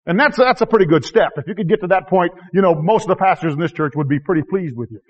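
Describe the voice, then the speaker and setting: This high-voiced man, a missionary preacher, talks fast with lively intonation as he preaches, alternating between yelling and hushed passages and chuckling now and then. Muffled highs give the lo-fi recording a dull sound.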